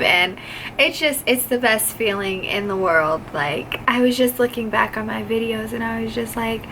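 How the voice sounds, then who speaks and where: A woman's voice: a little high, a bit bright, slight background noise, low-quality recording. Teary, gushing young woman vlogger. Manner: gushing, emotional, frequent "like" fillers. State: teary, on the verge of crying. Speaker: vlogger, flight attendant trainee. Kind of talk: casual vlog chat.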